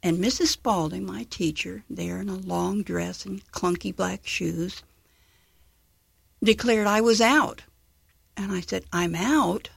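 An older woman tells a story from her childhood at an unhurried pace. Her voice is gravelly and husky, and she acts out the people she quotes. The sound is dry and close. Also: on the low side, no room sound. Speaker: guest author. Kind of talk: storytelling in a radio interview.

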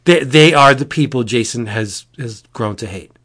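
A man chatting casually as a podcast host, retelling a comic in a rambling, animated way. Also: medium pitch, normal speed. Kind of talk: casual chat.

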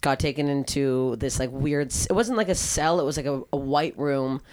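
A young woman from Canada chatting as a guest, telling stories in a lively, profane way and acting out quoted lines. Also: rumbling low, normal speed, a little hiss or hum. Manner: animated, profane, acts out quotes. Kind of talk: casual storytelling chat.

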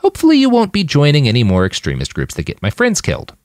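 A man's voice: a little high, huge pitch swings, fast talker, dry recording, clean studio sound, voice pushed up. Man doing a sing-song menacing fighter. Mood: falsely chipper. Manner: falsely sweet, purring and sing-song. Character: wiry male fighter, chipper and menacing.

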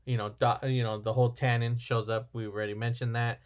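A man's voice: medium pitch, little pitch movement, fairly quick. Rambling man retelling a movie. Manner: rambling storyteller, acts out film lines. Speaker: podcast co-host. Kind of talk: casual movie recap chat.

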